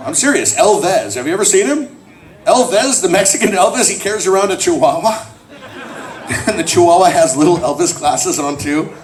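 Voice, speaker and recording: A man's voice: high voice, fairly quick, distant mic, slight background noise. A man telling jokes and stories to a convention crowd at a panel. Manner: joking, animated storyteller. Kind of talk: comedic panel talk to a crowd.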